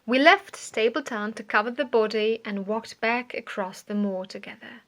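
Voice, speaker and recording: A woman narrating an audiobook in a slow, careful reading manner. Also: on the high side, fairly bright tone.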